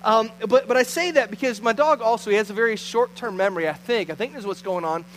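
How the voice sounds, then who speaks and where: A man's voice: sits high, fast, a bit bright, slight background noise, rough recording. A man pastor giving a conversational sermon, telling a story with frequent restarts.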